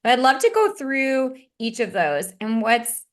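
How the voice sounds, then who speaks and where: Enthusiastic higher-voiced woman host. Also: very animated, a little slow, a bit bright. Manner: enthusiastic, chatty, talks to listeners directly. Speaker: podcast host. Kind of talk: casual interview chat.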